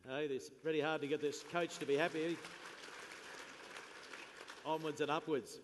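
A man emceeing a lunch event with a raised, lively presenter's voice. his words ring out through a large function hall with a long tail of reverb. faint room chatter sits behind him. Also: on the high side, moderate pace, slight background noise. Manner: upbeat, jokey presenter. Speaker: event MC and interviewer. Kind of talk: on-stage interview at an awards lunch.

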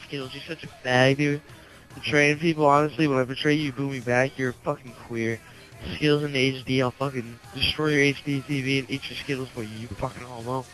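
A man's voice: medium pitch, steady tone, fairly quick, soft background music, low-quality recording. A man leaving a sneering, insulting voice message over a game headset. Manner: sneering insults, bursts of shouting.

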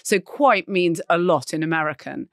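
A woman co-hosting a podcast, chatting in an animated way with quick asides and laughs. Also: on the low side, no room sound, clean studio sound. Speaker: podcast co-host. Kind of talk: casual chat.

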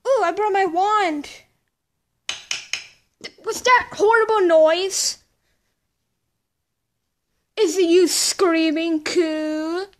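A woman's voice: very high-pitched, drawn-out words, long pauses. A young woman doing playful childlike voices in a homemade play, shifting between several characters.

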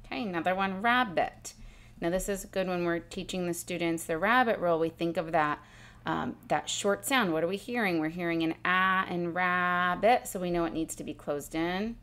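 A woman teacher calmly explaining a spelling exercise step by step, sounding out letters and sounds as she goes. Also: on the low side, moderate pace. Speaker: literacy teacher. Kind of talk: instructional demonstration.

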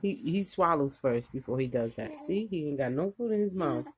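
A woman's voice: low voice, expressive, normal speed, slight background noise. An older woman, a grandmother, chatting playfully and cooing at her grandson while feeding him. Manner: playful, cooing and teasing at the baby. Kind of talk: casual talk while feeding a baby.

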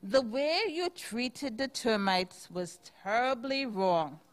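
Wise old noah, a lady reading him, slow steady rhyming storybook voice, kinda high. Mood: gently scolding. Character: wise old man Noah, calm builder.

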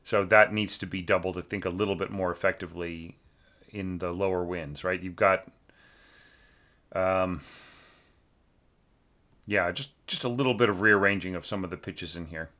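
A man's voice: low-pitched, steady tone, moderate pace, pauses often, sharp tone. A man giving a rambling spoken critique of a student's orchestral score, often asking "right?" and singing the parts aloud. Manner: rambling, fillers, sings motifs aloud. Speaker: orchestration teacher giving feedback.

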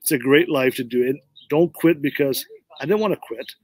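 A middle-aged man, once a pro hockey player, tells his career story in an interview, speaking earnestly and emphatically and repeating "you know what" for emphasis. His voice is medium-pitched and brisk with a breathy edge.

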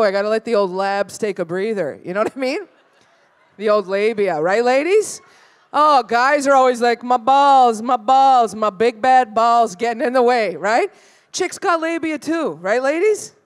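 A woman doing a stand-up set at a live venue, brash and profane, teasing the crowd. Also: fairly high pitch. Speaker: stand-up comedian.

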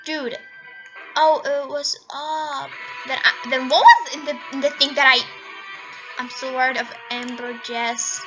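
A woman with a high, bright voice narrates her gameplay in an excitable, unhurried way. She gasps and laughs at her own slip-ups, with faint game music playing behind her. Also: highs cut off. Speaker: gaming channel host. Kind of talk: casual game commentary.

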